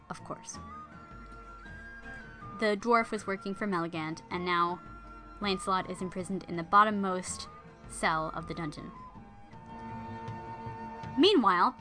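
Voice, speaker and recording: A woman's voice: mid-range voice, sharp tone. A woman casually retelling an old legend for her listeners, playful, with jokey asides. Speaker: storyteller. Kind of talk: casual storytelling.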